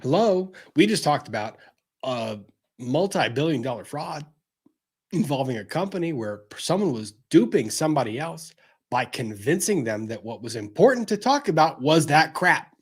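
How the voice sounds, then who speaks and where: Husky guy ranting and cussing, gets loud then drops way down low. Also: big pitch swings, moderate pace. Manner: swearing rant, swinging from loud outbursts to low intensity. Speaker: show host. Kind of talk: ranting commentary.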